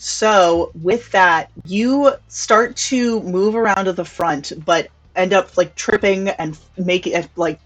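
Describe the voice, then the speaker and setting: A woman narrating as game master of a tabletop role-playing game, in a relaxed, casual way. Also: medium pitch, slow pace, few pauses, rough recording.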